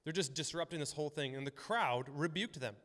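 A man's voice: fairly high pitch, fairly quick, a bit bright. A man preaching a casual, conversational sermon as a pastor, often acting out the voices in his stories. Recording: long hall reverb.

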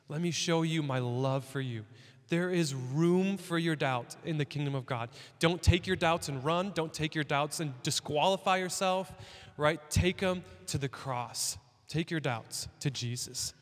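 A man preaching a sermon in a church, talking in a conversational, animated way. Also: a little high, long reverb tail. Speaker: pastor.

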